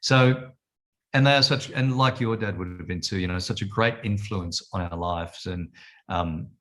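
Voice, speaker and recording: A man's voice: deep voice, normal speed. A man in his fifties with an Australian accent, a TV presenter telling stories as a guest in a casual chat. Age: 50s. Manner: jokey storyteller, animated retelling of conversations. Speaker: television presenter and author, guest.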